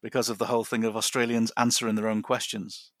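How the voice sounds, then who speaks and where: A man's voice: lowish voice, little pitch movement, quick pace, fairly bright tone, dry recording. Male guest, chatty and rambling, frequent laughs, dry close sound. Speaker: podcast guest. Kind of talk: casual chat. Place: his garden.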